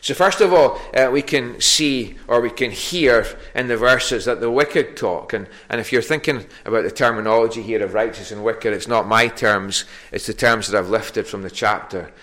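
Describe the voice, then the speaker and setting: A man preaching an evening sermon. He talks in a halting way, stopping for fillers and starting phrases over. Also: mid-range voice, a bit bright. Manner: halting, many fillers and restarts.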